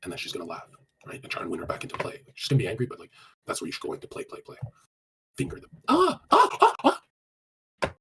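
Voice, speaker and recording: Low-sitting and gravelly yet a bit bright, this animated male voice carries a little hiss or hum. He gives casual dating advice on a live stream, crude and blunt, swearing often as he answers chat, with rapid, run-on delivery and many fillers.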